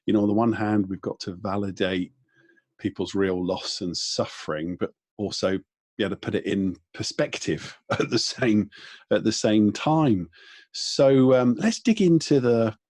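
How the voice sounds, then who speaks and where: A man hosting an interview, rambling through an anecdote as he works his way to a question. His voice is low and a little husky, recorded dry and close. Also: a little slow, a little mellow, no echo. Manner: rambling, thinks aloud before landing on a question. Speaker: interview host. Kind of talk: conversational interview.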